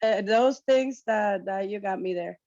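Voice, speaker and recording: Woman with a non-native accent, mid-pitched, halting and word-searching, on muffled lo-fi call audio. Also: warm tone. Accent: non-native English accent. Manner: hesitant, searches for words. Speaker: meeting participant. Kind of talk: casual discussion. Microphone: video call.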